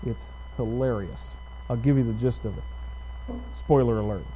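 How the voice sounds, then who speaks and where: A man's voice: medium pitch, moderate pace, dark tone, a little hiss or hum, poor audio. A male pastor preaching a sermon in a conversational way, putting questions to his congregation. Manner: conversational, asks the audience questions.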